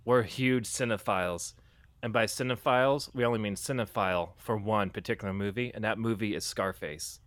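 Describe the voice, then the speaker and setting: A man co-hosting a casual improv comedy chat, quick and playful, swearing casually. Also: on the low side, fairly bright tone. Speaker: improv podcast co-host.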